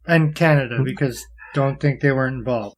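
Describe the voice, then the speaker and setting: A man's voice: mid-range voice, fairly quick. A man hosting a podcast in casual chat, blunt, profane and teasing. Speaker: podcast host.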